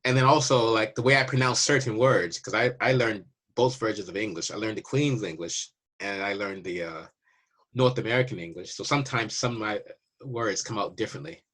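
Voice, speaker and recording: A man's voice: lowish voice, fairly quick, a bit bright. A man from Canada talking casually to viewers, telling a border story and acting out the dialogue as he goes. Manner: chatty, acts out border dialogues. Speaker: waiver service representative.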